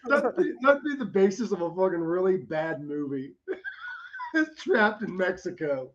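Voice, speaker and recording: A man hosting a podcast in casual chat, laughing loudly and swearing freely. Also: sits high, sing-song, normal speed, muffled recording, a little hiss or hum. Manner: loud, laughing, swearing banter. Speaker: podcast host.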